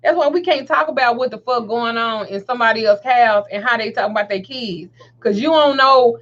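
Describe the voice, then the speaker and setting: A woman's voice: a little high, a little fast. Profane laughing woman storyteller. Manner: profane, animated storyteller who laughs often and acts out quotes. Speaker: host. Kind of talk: casual storytelling chat. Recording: dull lo-fi sound.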